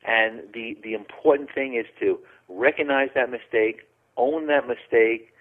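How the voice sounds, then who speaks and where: A man's voice: mid-range voice, measured pace. A man speaking as an interview guest, emphatic and repeating his opening words before finishing a thought. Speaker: guest, coaching website founder. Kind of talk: interview conversation. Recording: tinny phone line.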